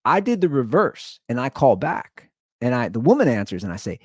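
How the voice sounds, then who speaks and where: Male podcast host, ranting storyteller, very lively pitch swings, dry close sound. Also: quick pace, breathy edge, dry recording. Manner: animated, profane, swings between loud outbursts and low asides.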